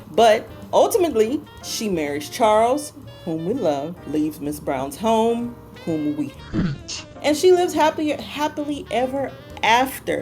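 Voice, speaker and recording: A woman's voice: mid-range voice, a little mellow. A woman hosting a book talk, retelling a story in a casual, playful way and repeating phrases for emphasis.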